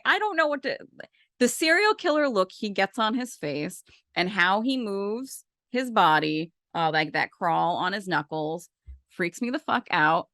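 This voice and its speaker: A woman's voice: lowish voice, bright, forceful tone, dry recording, studio quality. A woman co-hosting a podcast, talking casually and rambling with lots of fillers. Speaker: podcast co-host. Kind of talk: casual wrestling chat.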